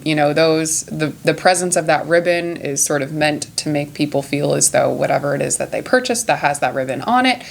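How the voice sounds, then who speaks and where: Female podcast host, very low voice, earnest, recaps her points and reads quotes aloud. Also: creaky. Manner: earnest, laughs at own stumbles. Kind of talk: casual podcast chat, reading quotes.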